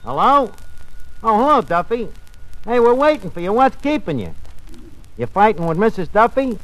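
Brash wisecracking man, lively pitch. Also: moderate pace. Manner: brash, wisecracking, mangled grammar. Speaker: tavern manager character in radio comedy. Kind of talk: 1940s radio comedy acting. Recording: noisy old radio broadcast.

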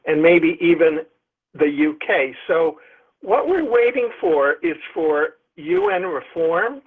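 A middle-aged man, a book's author, talking in an expansive, emphatic way as a guest on a phone-in interview. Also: a little high. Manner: expansive, emphatic, visionary talk. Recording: tinny phone line.

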